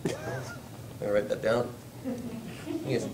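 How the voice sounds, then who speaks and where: A man's voice: fairly low pitch, slow, pauses often, recorded from a distance. Chatty man in an echoey hall. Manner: animated, rambling storyteller who laughs often. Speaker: voice actor, panel guest. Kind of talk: casual convention panel talk. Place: convention panel room. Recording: echoey hall, faint ambient noise.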